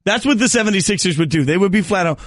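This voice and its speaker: Guy riffing on sports radio, playful and kinda high-voiced, dry studio sound. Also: expressive, very fast, no echo. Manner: playful, self-mocking, rambling. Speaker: fill-in radio host. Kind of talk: joking sports radio chat. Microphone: studio mic.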